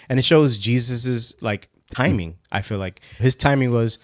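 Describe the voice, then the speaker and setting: A man talks loosely on a podcast about Bible stories, filling his sentences with casual fillers. His pitch is middle range and the sound is dry and close. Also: moderate pace, no room sound. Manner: loose and conversational, many fillers like "like" and "you know what". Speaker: podcast co-host.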